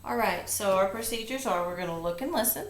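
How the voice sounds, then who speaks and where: In an echoey classroom with faint ambience, a woman teaches a phonics lesson, working through each step slowly and patiently. Her voice sits at a medium pitch, with a little hiss or hum on the recording.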